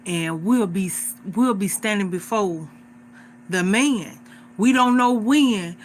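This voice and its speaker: A woman's voice: mid-range voice, a little hiss or hum. Earnest woman in her forties exhorting viewers. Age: 40s. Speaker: livestream host. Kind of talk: casual livestream preaching.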